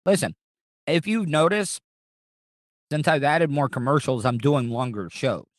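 A man's voice: on the high side, a little slow, no echo, studio quality. A man hosting his podcast in casual chat, talking in a rambling way with lots of restarts and swearing. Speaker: podcast host.

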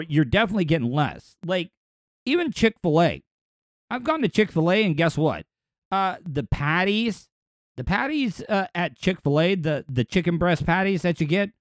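A talkative man who rambles through casual chat and repeats his words as he goes. His voice sits a bit high for a man. The recording is dry and close, with no room sound. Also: no echo. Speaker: podcast host.

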